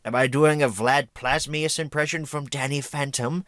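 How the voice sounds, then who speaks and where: A man's voice: mid-range voice, steady tone, moderate pace, few pauses, a bit bright, dry recording. A man hosting a home media review vlog, casual, chatty, opinionated and self-deprecating.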